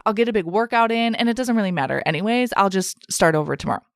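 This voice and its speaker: Inner voice of a stressed dieter, put on by a woman podcast host, self-critical, frets aloud, lively pitch, dry sound. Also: fast talker, gravelly, no room sound. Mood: self-arguing. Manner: frets and argues with herself.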